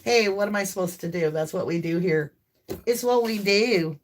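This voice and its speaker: A woman with a light Southern US accent, hosting a live tarot stream in casual chat, talkative and laughing often, breaking into loud whoops. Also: mid-range voice, normal speed, background noise. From American South.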